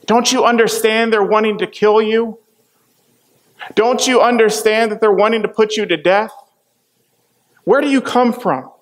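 A man's voice: high voice, measured pace, long pauses, pitched above the performer's own voice. A man voicing an anxious Roman governor who presses with insistent questions in a sermon retelling. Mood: pressing.

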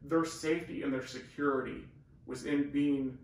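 A man with a mid-range, slightly mellow voice and noticeable vocal fry speaks at normal speed with fairly even intonation. As co-host of a conversational Bible teaching, he's earnest and emphatic, with restarts. The recording is from a camera mic far away in an echoey room, faintly hissy.

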